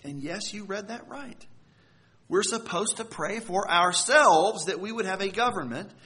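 A man's voice: high voice, expressive, unhurried, bright, forceful tone. A man preaching a sermon, earnest and emphatic, leaning hard on key words. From United States.

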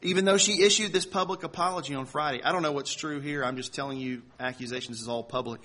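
Man preaching with slow emphatic storytelling. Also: a little high, bright, forceful tone. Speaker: pastor. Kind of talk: sermon.

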